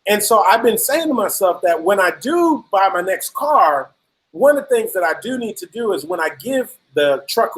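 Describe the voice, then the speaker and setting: A man's voice: high-pitched, a bit bright, rough recording. A middle-aged man giving an emphatic motivational talk, telling a personal story and repeating key phrases for effect. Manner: emphatic, repetitive, storytelling with acted-out quotes. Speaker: motivational speaker.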